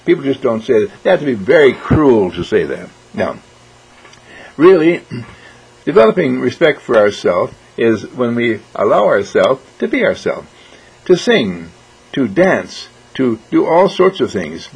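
Gravelly, husky man giving a motivational talk. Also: medium pitch, unhurried, poor audio. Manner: animated, acts out quoted voices; frequent throat clearing. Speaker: motivational speaker.

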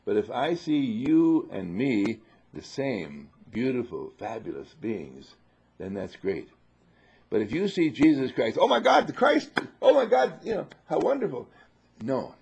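A man giving a spiritual talk to an audience, playful and repetitive, swinging from loud to hushed. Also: mid-range voice, creaky, husky. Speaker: spiritual teacher.

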